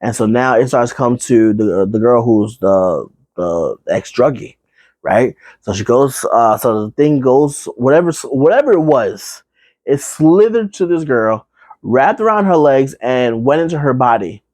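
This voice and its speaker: Guy rambling thru a horror movie recap, lots of ums and asides, mid pitch, dry sound. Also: animated, a little mellow, no room sound. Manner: rambling, many fillers and asides; acts out characters in quick put-on voices.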